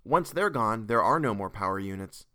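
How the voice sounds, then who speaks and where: A cheerful young father in a storybook reading, patient and reassuring as he explains. A man voices him with a lively, rising and falling tone. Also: on the low side, moderate pace.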